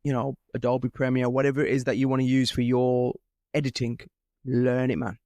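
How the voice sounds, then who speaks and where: Young male host, lively and loose, dry close sound. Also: medium pitch, fairly quick, no room sound. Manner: animated, swearing, laughing storyteller. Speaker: podcast host. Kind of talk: casual podcast chat.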